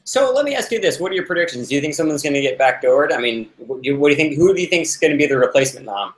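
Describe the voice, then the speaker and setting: A young man chatting casually about a show, relaxed and joking, with a voice pitched a bit high. The room gives his voice a noticeable echo. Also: very fast. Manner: laid-back, laughing, playful asides. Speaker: show host and former houseguest. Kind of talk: casual recap chat. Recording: roomy echo.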